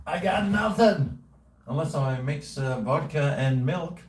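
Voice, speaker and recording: A man's voice: a little high, lively intonation, a little slow, noisy background. A man in his late fifties, chatting casually and self-mockingly on a livestream from home. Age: 50s. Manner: chatty, self-mocking, talks to himself while drinking. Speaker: livestream host. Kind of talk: casual rambling livestream chat. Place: at home indoors.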